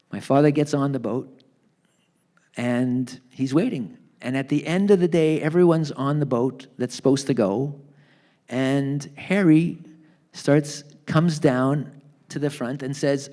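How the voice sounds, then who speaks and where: A man telling a family story in a live onstage book talk, acting out the people in it with lively voices. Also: mid-range voice, a little slow. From Canada. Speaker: author being interviewed. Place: theatre stage.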